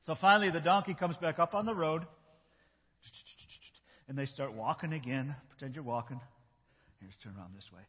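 A man acting out a Bible story with children in a church, animated and coaching his young helpers. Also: on the high side, moderate pace, pauses often, slightly rough. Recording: echoey hall, dull lo-fi sound.

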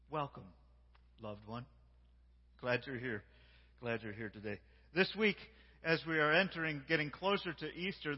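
Man, guest preacher, sermon, call-and-response, hushed to shouting, long church reverb, muffled sound. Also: high-pitched. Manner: swings between hushed and shouting. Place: large church sanctuary.

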